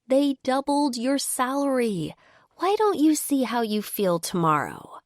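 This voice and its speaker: A woman voicing an anxious young female friend in an audiobook, her voice pitched up and pleading. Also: very animated, unhurried, dry recording, clean studio sound. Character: excited young woman friend, fretful, talkative.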